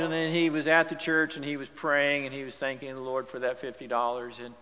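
A male pastor delivering a sermon, swinging from hushed, near-whispered storytelling to loud, rising exhortation in a church. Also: medium pitch, level tone, brisk. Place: church sanctuary. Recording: long church reverb with music behind. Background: guitar music.

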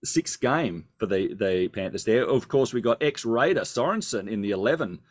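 Lively podcast host. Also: male voice, lowish voice, moderate pace, no room sound, clean studio sound. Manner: chatty, enthusiastic, lists team line-ups. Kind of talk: casual sports podcast chat.

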